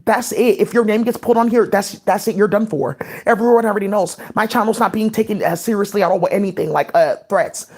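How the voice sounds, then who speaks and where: Fast, rambling woman vlogger. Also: medium pitch, darkish tone. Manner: rapid, scattered, many "like" fillers. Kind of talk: rambling casual monologue.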